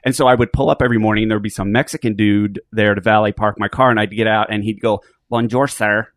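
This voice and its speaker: A man's voice: lowish voice, little pitch movement, very fast, no echo. Rambling joking man, dry sound. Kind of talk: casual chat.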